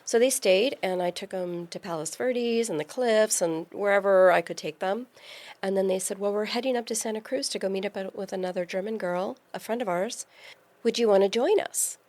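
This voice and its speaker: A woman in her forties, a podcast guest, telling a lively personal story in casual conversation. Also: mid-range voice, normal speed. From California. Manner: lively storyteller, acts out quoted voices.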